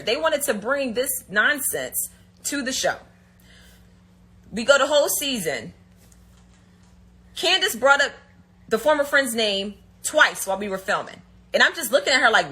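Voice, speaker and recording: Indignant woman with a bright, husky voice. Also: fairly high pitch, very animated, normal speed. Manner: indignant, storytelling with quoted dialogue. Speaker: reality TV personality. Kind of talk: casual livestream rant. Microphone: phone livestream.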